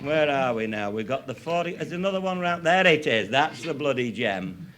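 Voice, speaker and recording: A man's voice: mid-range voice, lively intonation, normal speed, a bit bright. An older man from England telling crude, humorous hunting and shooting stories to a live audience, laughing often as he goes. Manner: salty, laughing, showing cartridges. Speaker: raconteur. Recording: noisy live recording.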